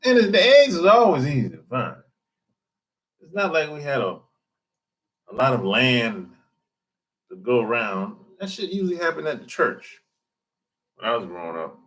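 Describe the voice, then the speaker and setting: A livestream host reads chat, talking casually and loosely, joking, answering viewers, mimicking how others talk, and laughing often. His medium-pitched voice is sing-song and fairly bright, at normal speed with long pauses.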